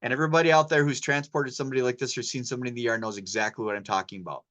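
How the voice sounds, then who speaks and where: A man at a mid-range pitch delivering a medical talk in a loose, conversational way. He drifts into stories and slang rather than reading slides, keeping a poison-control specialist's practical tone. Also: steady tone, rapid-fire, a bit bright. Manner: casual, anecdotal, sprinkles in slang. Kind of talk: informal medical lecture.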